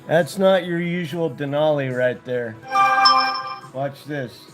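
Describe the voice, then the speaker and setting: A man's voice: on the high side, slow, music in the background. An American man on a casual livestream, talking in a laid-back way to his dogs and to viewers in the chat. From United States. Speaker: vlogger.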